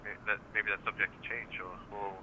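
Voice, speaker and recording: A man's voice: on the low side, little pitch movement, fairly quick, pushed and bright, slight background noise, poor audio. A man calling in to a podcast, thinking aloud in a hesitant, stammering way. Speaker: caller. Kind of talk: casual phone-in chat.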